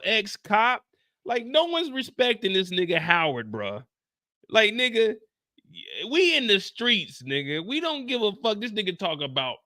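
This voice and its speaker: Animated, ranting male streamer, high voice. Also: measured pace. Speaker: reaction streamer. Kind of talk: live show recap and reaction.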